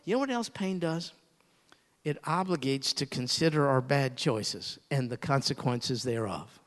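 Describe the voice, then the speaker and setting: A man's voice: mid-range voice, a bit bright. A middle-aged man preaching a sermon, telling a personal story and rising to emphatic pleas. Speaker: pastor. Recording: long hall reverb.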